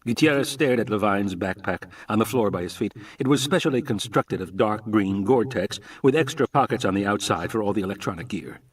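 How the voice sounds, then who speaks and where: Male live audiobook reader: husky, mid pitch, distant mic. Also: animated, a little fast, hardly any pauses.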